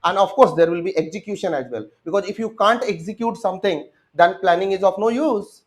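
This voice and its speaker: A man's voice: high voice, fairly quick. A young man with an Indian English accent, giving an exam-prep lecture and acting out students' answers as he speaks to them directly. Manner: addresses students directly, acts out their answers.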